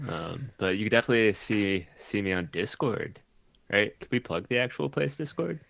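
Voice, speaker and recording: A man's voice: on the low side, expressive, moderate pace, creaky, a bit bright, no echo. A man introducing himself as a tabletop player, rambling and flustered, mocking himself. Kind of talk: casual chat over an online call.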